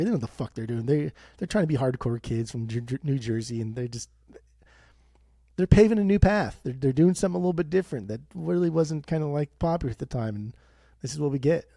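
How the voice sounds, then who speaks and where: A young man co-hosting a podcast in casual chat, animated and swearing often, with rants that jump high. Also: no echo, studio quality. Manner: animated, swears a lot, bursts of high-pitched ranting. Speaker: podcast co-host.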